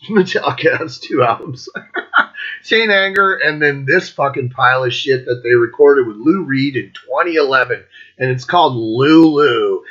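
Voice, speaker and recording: A man's voice: fairly high pitch, pushed and bright. A man hosting his own metal music channel, giving his opinions in a rambling, profane casual monologue and laughing often. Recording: dull lo-fi audio.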